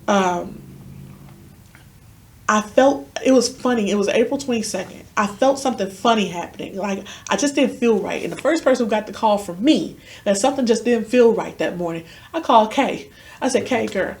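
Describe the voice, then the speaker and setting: A woman's voice: a little high, lively intonation, moderate pace. A woman guest telling a personal story in an interview, earnestly acting out the dialogue she recounts. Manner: vivid retelling that acts out quoted dialogue; earnest, emotionally charged. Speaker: podcast guest.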